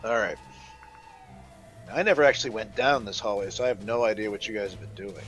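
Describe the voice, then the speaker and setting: A man's voice: lowish voice, fairly quick, a bit bright, soft background music. A man playing a tabletop game, thinking aloud about what his character does. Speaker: player.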